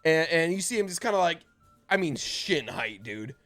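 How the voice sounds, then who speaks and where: A man's voice: a little high, very animated, normal speed, fairly bright tone, faint music behind. Profane, rambling male dungeon master. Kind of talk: improvised tabletop narration.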